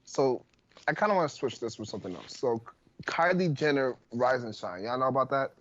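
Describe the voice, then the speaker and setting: Young man, casual podcast chat, slang, animated, dull lo-fi sound. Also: mid-range voice, a little fast, slight background noise. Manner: slangy, asks follow-up questions. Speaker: podcast co-host.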